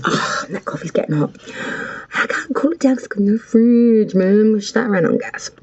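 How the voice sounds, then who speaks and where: A woman's voice: mid-range voice, animated, normal speed, darkish tone, slightly rough, muffled recording. An Australian woman hosting a casual tarot reading from her cold home with the power out, chatty, rambling and swearing freely. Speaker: tarot reader and channel host.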